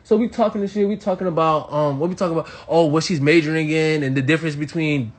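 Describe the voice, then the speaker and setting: A young man from Miami telling a crude story to his live audience, animated and swinging between loud bursts and hushed asides. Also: fairly high pitch, quick pace. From Miami, Florida. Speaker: livestream host.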